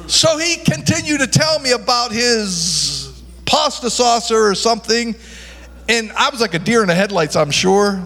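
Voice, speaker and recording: A man's voice: very high-pitched, lively intonation, a little slow, pushed and bright, in a large hall. A male pastor preaching a sermon, emphatic, tossing rhetorical questions at the congregation.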